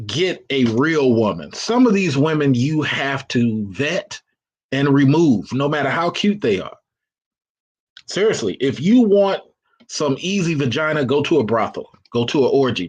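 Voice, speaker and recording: Husky male call-in host, mid pitch, blunt and preachy, slangy delivery. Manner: blunt, preachy, reads out live chat comments; casual slang, frequent restarts. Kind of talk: live call-in dating talk.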